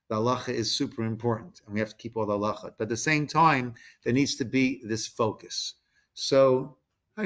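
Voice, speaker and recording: A man who is a rabbi, giving an informal lesson to a small group in a conversational way, asking them questions and retelling stories with quoted dialogue. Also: mid-range voice. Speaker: rabbi teaching a class. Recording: recorded conference call.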